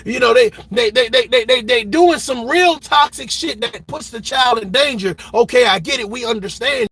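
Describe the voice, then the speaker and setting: A man's voice: very high-pitched, moderate pace, creaky, few pauses, pushed and bright, slightly rough. A man giving a heated reaction commentary, emphatic and blunt, repeating words and swearing freely as he argues. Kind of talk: ranting commentary.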